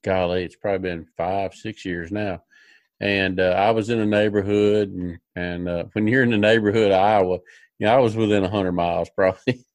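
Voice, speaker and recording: A man's voice: low voice, fairly even intonation, fairly quick, darkish tone, no echo. A man hosting a podcast, telling a rambling, folksy story with many fillers and restarts. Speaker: podcast host. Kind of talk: casual storytelling chat.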